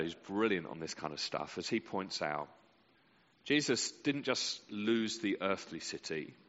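A man preaching a sermon with passion, letting his voice swell loud and sink to a near hush. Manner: impassioned, with sweeping rises and drops in pitch and volume. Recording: muffled sound with a long reverb in a large hall.

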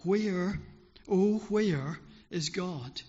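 A man's voice: sits high, drawn-out words, darkish tone. A man voicing a terrified, lost man who cries out desperately in the darkness, on a dull recording in an echoing hall. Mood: wailing.

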